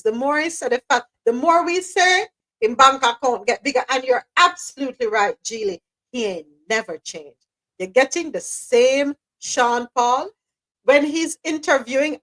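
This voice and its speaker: Woman radio host, high-pitched, animated casual banter with patois. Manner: animated, laughs often, patois asides. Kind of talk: casual live radio chat.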